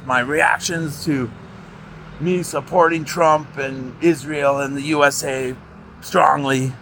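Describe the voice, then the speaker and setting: A man's voice: a little high, fairly bright tone, slight background noise, rough recording. A man telling a long, candid personal story in a rambling vlog, swearing freely and acting out what people said. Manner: candid, profane, storytelling with reenacted quotes. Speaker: vlogger.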